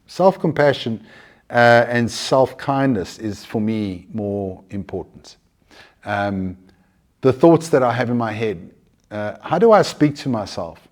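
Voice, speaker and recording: A man giving an earnest, conversational talk on mindfulness, animated and often restarting his sentences. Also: mid-range voice. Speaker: mindfulness speaker.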